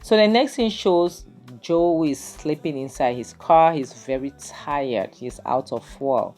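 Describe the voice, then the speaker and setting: A woman's voice: deep voice, slow pace, a little mellow, soft background music. A young Nigerian woman vlogging a chatty review of a drama series, full of "you know" and "to her it was more like" as she recaps the scenes. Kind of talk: casual video commentary.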